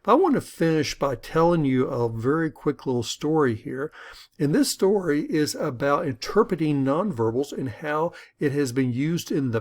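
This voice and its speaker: A middle-aged man lecturing in a relaxed, conversational way, with a gravelly edge to his voice. He tells stories to make his points, slipping into the voices of the people in them. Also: on the high side. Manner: conversational, storytelling, acts out quoted voices. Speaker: instructor. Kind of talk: lecture with an acted-out story.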